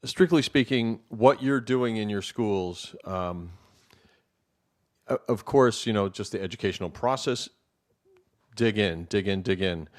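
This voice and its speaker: A man's voice: fairly low pitch, unhurried. A man who directs theater, speaking casually to an audience and rambling with lots of fillers and restarts.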